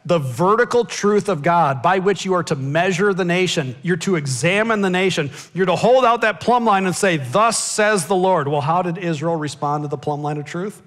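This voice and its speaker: An American man preaching a sermon, swinging from loud pleading cries to hushed asides. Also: high voice, normal speed, few pauses. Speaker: pastor. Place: church sanctuary.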